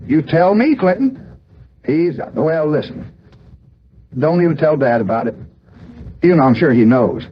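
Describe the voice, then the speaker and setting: A man's voice: on the high side, animated, a little slow, long pauses, dull audio. A man playing a blustering older politician, talking in a folksy, rambling, agitated way.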